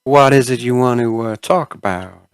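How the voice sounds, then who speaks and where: Man doing a grubby ship's doctor in a tabletop game, bad teeth, hesitant and questioning, smooth voice, dry close sound. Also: mid-range voice, normal speed, no echo, natural voice. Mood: wary. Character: male ship's doctor, rotten teeth, reeks of moonshine.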